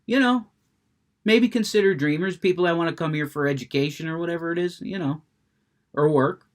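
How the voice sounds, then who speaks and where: Talking fairly quickly in a voice on the high side, an adult male smoker curses constantly through an unfiltered rant, grows worked up, and then moves on to chatting about his current video game.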